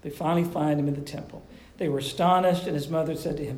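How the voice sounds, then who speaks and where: A man delivers a sermon in a relaxed, conversational teaching style and keeps asking his listeners questions. His voice sits high but sounds dark and mellow, with a gravelly edge. He was recorded in an echoey room with a faint hum behind him. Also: quick pace. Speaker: pastor and counselor.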